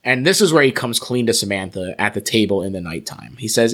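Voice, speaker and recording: A man's voice: lowish voice, lively intonation, brisk, few pauses, fairly bright tone. A man on a podcast recapping a film's plot in casual chat, now and then mimicking the characters' lines. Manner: recaps plot, acts out quotes with mock voices. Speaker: podcast co-host.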